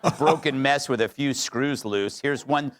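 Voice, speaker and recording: A man's voice: medium pitch, moderate pace, dry recording. A man hosting a TV show, delivering scripted commentary full of mocking punchlines. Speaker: TV show host.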